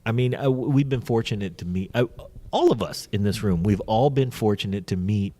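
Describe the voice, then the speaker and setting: Lively low-voiced podcast host. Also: male voice, a little fast, no room sound. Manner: lively, swearing, laughs while telling stories. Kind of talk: casual podcast chat.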